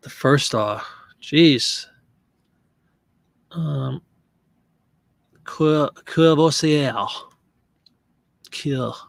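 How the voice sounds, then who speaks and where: A man's voice: a little high, gravelly, no echo. A man casually talking through an online listing session, joking and fumbling over French pronunciation. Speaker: online reseller listing print ads.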